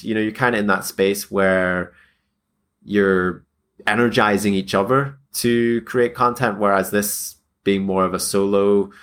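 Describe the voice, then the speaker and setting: A man's voice: deep voice, fairly bright tone. A man chatting as a podcast guest, rambling with many fillers. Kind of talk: casual podcast chat.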